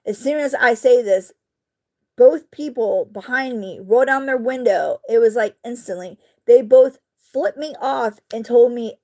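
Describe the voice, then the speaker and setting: A woman, casually telling a story to her viewers while crafting, animated and indignant, with mild swearing. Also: fairly high pitch, a little slow. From southeastern United States. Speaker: vlogger.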